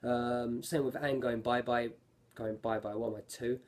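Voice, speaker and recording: A man's voice: medium pitch, steady tone, moderate pace. A man giving a casual, rambling review of an anime episode, often correcting himself mid-sentence. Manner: rambling, self-correcting, lots of fillers.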